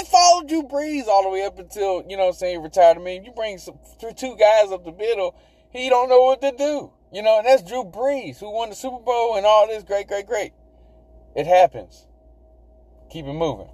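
A man's voice: sits high, a little mellow, low-quality recording. A man hosting a sports podcast, talking casually and animatedly, rambling, repeating himself and swearing as he goes. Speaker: podcast host.

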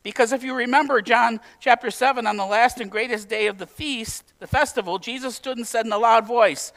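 A pastor with a notably high voice for a man, preaching in a relaxed, talky way. He jokes now and then and puts questions straight to the congregation. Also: fairly quick, few pauses. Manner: conversational, humorous preaching with direct questions to the congregation. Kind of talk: sermon.

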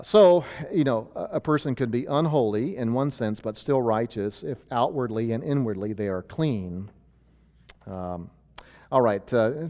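A man's voice: medium pitch, a little mellow, long reverb tail. A male pastor teaching a sermon from a chart, talking in a conversational way with many fillers and restarts.

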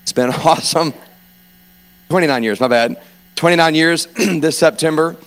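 A man in his forties from South Louisiana with a South Louisiana accent, preaching an informal, joking sermon as a guest preacher and clearing his throat often. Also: on the high side, normal speed, a bit bright. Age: 40s.

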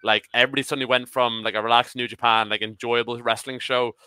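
A man of about thirty chatting as a podcast panelist, excitable and swearing casually. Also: medium pitch, fast, smooth, no room sound. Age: 30s. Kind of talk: casual chat.

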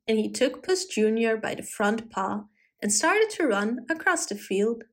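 A woman reading a children's storybook aloud in an expressive, animated manner. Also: fairly high pitch, a little slow.

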